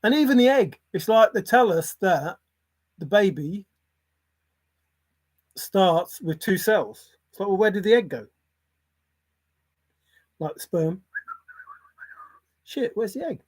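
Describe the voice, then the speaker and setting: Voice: medium pitch, lively intonation, slow, pauses often, no echo. An older grandparent hosting a casual livestream, rambling irreverently and swearing offhand as they react to chat. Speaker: livestream host reading chat.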